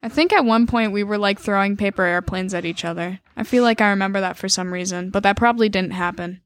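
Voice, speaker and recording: A young woman from the upper Midwest, co-hosting a casual chat in a laid-back way with quick dry remarks. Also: mid-range voice. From upper Midwest, USA. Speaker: podcast co-host.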